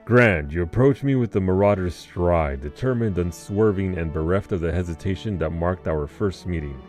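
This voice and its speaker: Stern old warrior teacher read by a guy, deep voice, slow formal talk, faint music under it. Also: a little mellow, lightly acted. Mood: solemn. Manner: formal, solemn, measured delivery. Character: stern male warrior guild master. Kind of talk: reading game dialogue aloud.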